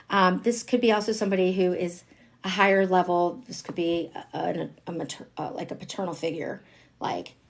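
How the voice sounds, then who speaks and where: A woman giving a casual live-stream tarot reading, chatty and candid, swearing freely and swinging between loud bursts and near whispers. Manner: chatty, candid and profane, with frequent fillers; animated, jumping in pitch and loudness, sometimes dropping to a whisper. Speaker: tarot reader.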